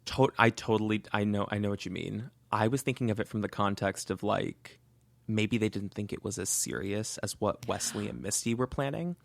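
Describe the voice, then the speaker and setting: Low, gravelly man on a podcast. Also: normal speed. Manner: thinks aloud while retelling a case. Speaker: podcast co-host. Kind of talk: casual true-crime podcast chat.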